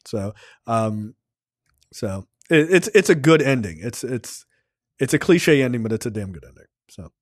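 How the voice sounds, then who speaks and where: A man's voice: medium pitch, very animated, moderate pace, no echo, studio quality. A man co-hosting a podcast, chatting casually in a brash, profane, joking way. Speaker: podcast co-host. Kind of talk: casual chat.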